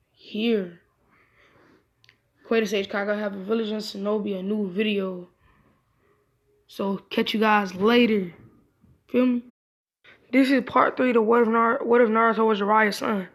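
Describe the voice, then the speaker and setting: A woman's voice: mid-range voice, steady tone, measured pace, long pauses. A woman casually retelling a fan-made story, rambling with many restarts and self-corrections.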